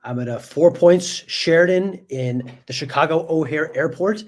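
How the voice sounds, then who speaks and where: A man with a somewhat high voice co-hosts a sports podcast from a hotel room. He is easygoing and laughs often as he chats. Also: moderate pace. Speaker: sports reporter and co-host. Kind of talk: casual podcast banter.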